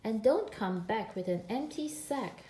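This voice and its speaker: A woman's voice: fairly high pitch, lively intonation, a little slow, mellow, a little hiss or hum. A woman voicing a grumpy, bossy father wolf who growls his orders, reading a storybook aloud. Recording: echoey room.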